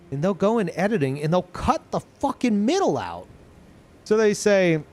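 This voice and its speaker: Male streamer, loose and profane, rambling casual chat, pitch swings around a lot. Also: huge pitch swings, moderate pace, a little mellow. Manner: rambling, swearing, restarts sentences often. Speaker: livestreamer. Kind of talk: casual chat to a live audience.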